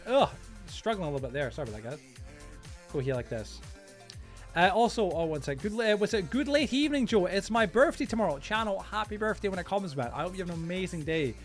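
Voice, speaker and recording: Fast-talking, excitable male streamer. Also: sits high, faint music behind. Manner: rapid, excitable, thanks viewers loudly; rambling with frequent restarts. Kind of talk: casual live-stream chat while gaming.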